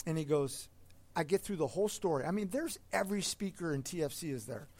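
A man, a podcast guest, telling casual stories and anecdotes in a lively way. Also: a little high, quick pace. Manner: lively anecdotes with quoted dialogue. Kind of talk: casual storytelling.

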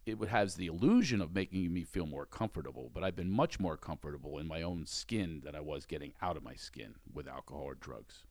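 A man's voice: a bass voice, lively intonation, brisk, few pauses, a little mellow, no room sound. A man hosting a talk show, chatting in an earnest, reflective and encouraging way with his guest. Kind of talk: casual interview chat.

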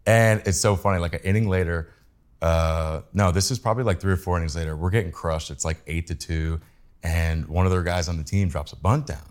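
A man co-hosting a podcast, telling a story in a relaxed, rambling way. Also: low-pitched, a little fast. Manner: relaxed, rambling, many "like" fillers. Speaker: podcast co-host. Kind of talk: casual chat.

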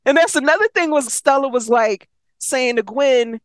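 Brief: chatty woman podcaster, a touch high, recaps plots with lively acted quotes, close dry sound. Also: unhurried, no echo. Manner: animated storyteller, acts out characters' lines, swears freely. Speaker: podcast co-host recapping a story. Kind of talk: casual chat, retelling a book with acted quotes.

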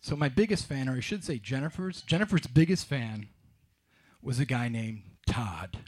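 A middle-aged man telling a wry, self-mocking personal story on stage, with halting restarts. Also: mid-range voice, lively intonation, a little mellow, breathy edge. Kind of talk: live storytelling.

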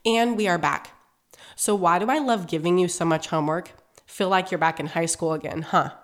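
A woman's voice: fairly low pitch, moderate pace. A woman hosting a motivational podcast, talking straight to her listeners in an encouraging coaching tone, her voice nasal and congested from a cold. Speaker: podcast host.

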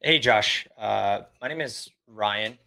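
A man demonstrating a cold call in a calm, humble, inviting manner. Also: lowish voice, takes it slowly, creaky. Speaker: sales rep. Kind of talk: role-play sales call.

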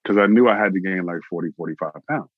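A man from Austin, Texas, an actor telling his own story in an interview, animated and repeating phrases for emphasis. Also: low-pitched, fast, dry recording, narrow, tinny audio. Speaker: actor, guest.

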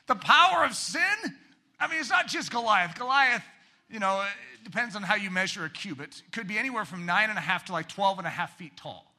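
A male pastor preaching with a strikingly high, bright voice. His pitch swings widely as he moves between shouted emphasis and hushed, quick asides. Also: vocal fry. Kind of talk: sermon.

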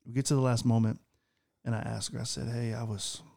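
A man in his thirties telling a story in casual chat as a podcast co-host, animated and jumping up into a higher voice to act out the lines he quotes. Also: fast, vocal fry. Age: 30s.

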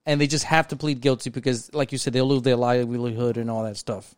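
A man hosting a casual podcast, talking in an animated, profane, mock-indignant way as he ribs his co-host. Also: medium pitch, fast, smooth, no room sound.

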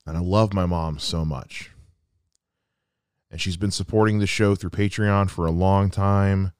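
This solo podcast host, in his thirties, talks at a measured pace in a low, slightly mellow, clean voice with fairly even intonation. Earnest and reflective, he speaks from the heart about someone close to him, with quoted asides, on a dry recording.

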